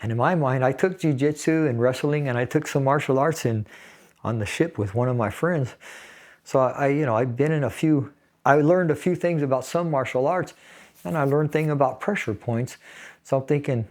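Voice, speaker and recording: A Navy veteran in his sixties from California's San Fernando Valley speaks at medium pitch and a brisk pace. In an interview, he casually tells a personal story, laughing through its grim details.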